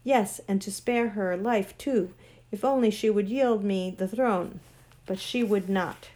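A woman's voice: mid-range voice, a little slow, darkish tone, natural voice. A woman reading a storybook aloud and voicing a proud ancient sorceress queen who speaks in a grand, cold, commanding way. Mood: imperious.

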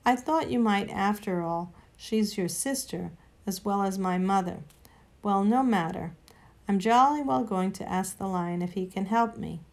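A woman's voice: mid-range voice, a little slow, creaky, darkish tone. Woman doing a storybook kid, earnest and a bit fierce. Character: earnest young boy, hopeful and fierce.

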